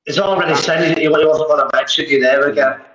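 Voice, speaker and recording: A man on a live voice call speaking hesitantly, stammering and trying to calm an argument. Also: fairly high pitch, fast, crowd noise, rough recording. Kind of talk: casual live-stream chat.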